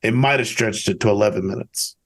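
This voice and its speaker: Candid man, fairly low voice, rambling. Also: a little fast. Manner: candid, rambling, with frequent restarts. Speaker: podcast host. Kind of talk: casual conversational interview.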